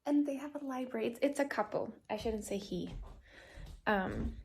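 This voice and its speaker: A young woman with a slightly high voice rambles casually to her camera. She is self-deprecating and full of fillers and restarts. She is talking indoors in an apartment. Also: lively intonation, normal speed, darkish tone, a little hiss or hum. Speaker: vlogger. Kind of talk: casual vlog chat.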